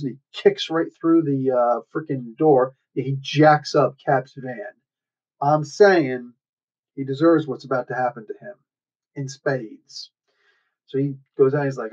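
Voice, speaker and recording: A man casually retelling a comic book story in a chatty, loose way, dropping into quick acted quotes. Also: mid-range voice, fairly even intonation, darkish tone. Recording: dull lo-fi sound.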